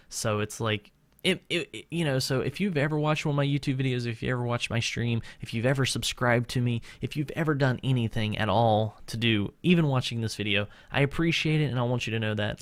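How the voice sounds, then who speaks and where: A man's voice: medium pitch, no room sound. A young man giving casual streaming advice straight to camera, earnest and rambling, with lots of fillers and restarts. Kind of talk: casual talking-head advice.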